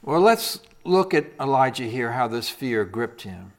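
A man preaching a sermon, swinging from loud emphatic peaks to hushed whispers and throwing rhetorical questions at the congregation. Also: medium pitch, expressive, moderate pace, hardly any pauses.

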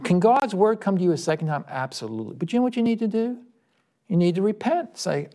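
Animated preacher with a lively, climbing voice. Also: male voice, quick pace. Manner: emphatic, rising to high-pitched exclamations. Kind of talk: sermon with storytelling.

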